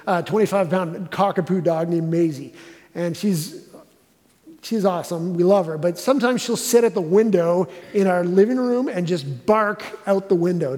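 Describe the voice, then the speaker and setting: A male pastor preaching a sermon in a conversational, animated way, asking the room questions. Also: high-pitched. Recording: reverberant hall.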